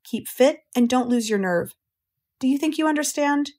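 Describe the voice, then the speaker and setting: A wise female spider, calm and collected, as a woman narrator puts her on. She speaks in a measured, reassuring way, firm but kind. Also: high voice, voice pushed up. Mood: instructive.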